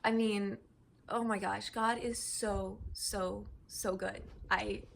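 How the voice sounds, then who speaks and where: A woman talking in a casual home vlog, close to tears and gushing with gratitude, with halting restarts. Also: medium pitch, steady tone, creaky, a little hiss or hum, low-quality recording. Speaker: vlogger and wife. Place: home kitchen.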